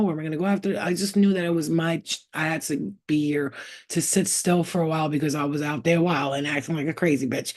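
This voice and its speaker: A woman with a mellow, lowish voice, a spiritual healer by trade, offers viewers a casual pep talk laced with profanity. She speaks bluntly and emphatically to the listener, repeating her points over and over.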